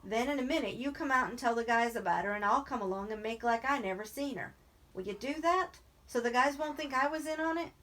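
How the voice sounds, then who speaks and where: A woman's voice: on the high side, lively intonation, normal speed. A woman reading as a worried ranch worker who talks in an urgent, pleading way. He presses his point hard, in a plain read-aloud novel style.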